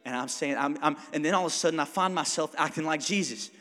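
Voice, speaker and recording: A man preaching a sermon as pastor, moving from quiet, near-whispered passages to loud, emphatic stretches and calling on the congregation to answer back. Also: fairly high pitch, fast talker. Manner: calls for congregation responses. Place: church sanctuary. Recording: long hall reverb.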